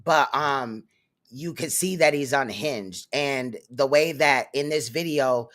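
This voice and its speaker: A man's voice: medium pitch, slow pace, fairly bright tone. A man hosting a commentary channel, talking loosely and conversationally in between the clips he reacts to. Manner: loose, conversational, slangy asides.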